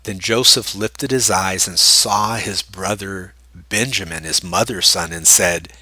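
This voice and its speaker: A man reading scripture aloud and breaking in with casual, animated asides to explain it. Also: deep voice, a little slow, few pauses, no room sound. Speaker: Bible study teacher.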